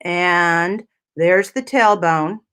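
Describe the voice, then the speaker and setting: A woman's voice: lowish voice, drawn-out words, fairly bright tone, smooth. A woman physical therapist explaining anatomy step by step on a talk radio show, often checking in with "right?" and "you know".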